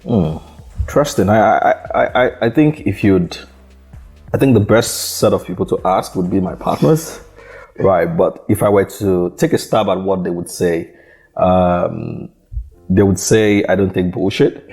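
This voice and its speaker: A man with a very low, dark voice answers interview questions about building a startup. He talks in a halting way, repeating words and leaning on "you know" as he goes. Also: creaky, faint music behind. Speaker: startup founder guest. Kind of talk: conversational interview.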